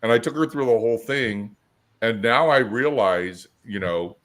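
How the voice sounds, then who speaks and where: A man's mid-range, fairly bright voice moves at a moderate pace. He's a business coach and podcast host, chatting casually about coaching and performing both sides of his storytelling dialogues.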